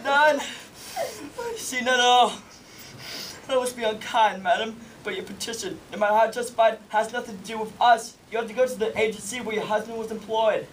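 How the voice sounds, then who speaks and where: A woman's voice: a little high, steady tone, fairly quick, close to an everyday voice. A woman playing an impatient, pompous male bank official who grows exasperated and sarcastic. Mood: patient. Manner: exasperated, sarcastic, bursts into shouting. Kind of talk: stage scene acting. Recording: distant mic, noisy background.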